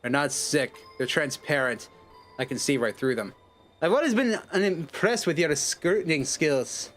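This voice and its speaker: A man voicing a dry, unflappable detective in a game, speaking deadpan. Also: on the high side, moderate pace, faint music behind.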